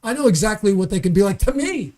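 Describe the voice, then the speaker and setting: A man's voice: sits high, expressive, fast, mellow. A man talking as a comedian guest in a podcast studio, heated and emphatic, swearing freely. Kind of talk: podcast conversation.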